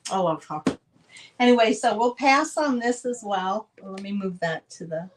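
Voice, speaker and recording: The audio is poor, but the woman's mid-range voice is expressive and moderately paced. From the northern United States, she hosts a casual live online sale, addressing viewers directly with chatty gushing.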